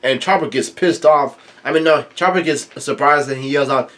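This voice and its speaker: A man casually reading through and commenting on a comic chapter, halting with fillers and restarts. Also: on the high side, fairly bright tone. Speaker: manga reaction host.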